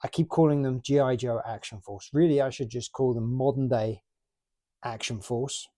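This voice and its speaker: A man's voice: medium pitch, normal speed, mellow. A man in his late forties from the UK, chatting casually and rambling about his toy collection. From United Kingdom. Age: 40s. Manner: rambling, chatty, self-mocking.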